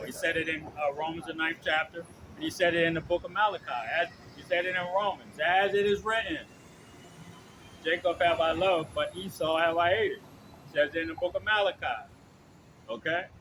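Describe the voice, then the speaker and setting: A man's voice: on the high side, normal speed, a bit bright, slight background noise, low-quality recording. A man preaching informally and reading scripture, with loose profane asides and frequent "okay?" checks to his listener. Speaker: street preacher.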